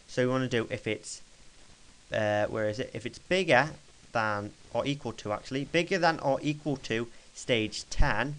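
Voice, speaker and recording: Young man, smooth clear voice, casual software walkthrough, rambling and chatty, desk mic. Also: medium pitch, low-quality recording. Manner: chatty, rambling, self-correcting as he clicks. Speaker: tutorial maker. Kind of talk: casual screen-recorded software tutorial.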